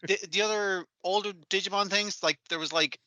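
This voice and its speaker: A man's voice: high voice, fairly even intonation, fairly quick, bright, forceful tone, no room sound. A man co-hosting a podcast in loose casual chat, filling his talk with "like" and swearing freely. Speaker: podcast co-host.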